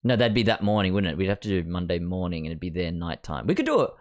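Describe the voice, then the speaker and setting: A young man hosting a casual video-call chat from home, chatty and giggly with quick asides. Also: sits low, big pitch swings. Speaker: host.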